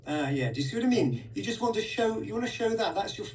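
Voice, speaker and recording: A man's voice: high-pitched, sing-song, fast talker, a little mellow, distant mic, a little hiss or hum, low-quality recording. A man giving a one-on-one conducting lesson, direct and coaxing, singing rhythms in syllables to show the beat. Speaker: conducting teacher.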